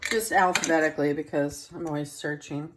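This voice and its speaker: A woman's voice: low voice, fairly quick, very noisy. A woman hosting a casual home cooking demonstration, chatting as she works and wheezing and coughing now and then. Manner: chatty, relaxed, thinks aloud. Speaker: cooking show host. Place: home kitchen. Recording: kitchen clatter behind.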